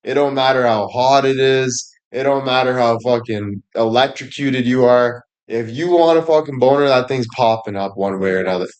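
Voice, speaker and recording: A man's voice: mid-range voice, moderate pace, few pauses. A man giving a crude, rambling comedic monologue on a livestream, swearing constantly and laughing at his own jokes. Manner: profane, rambling, laughs often, fillers like "you know".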